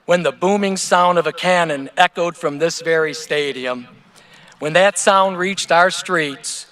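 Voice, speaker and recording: A man from Ohio speaks from a podium microphone at an outdoor stadium, his fairly high voice moving slowly and deliberately through a prepared address. His delivery is earnest and measured, building through rhetorical lists. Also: fairly bright tone. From Ohio, USA. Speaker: teacher giving commencement speech. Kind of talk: prepared ceremonial speech.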